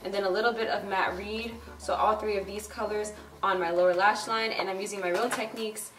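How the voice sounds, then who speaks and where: A woman's voice: mid-range voice, fairly even intonation, a little fast, recorded from a distance. Chatty young woman doing a makeup tutorial. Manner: chatty, bubbly, lots of "like" and "um". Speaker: beauty vlogger. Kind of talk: casual makeup tutorial talk. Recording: roomy echo, a bit off-mic. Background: faint background music.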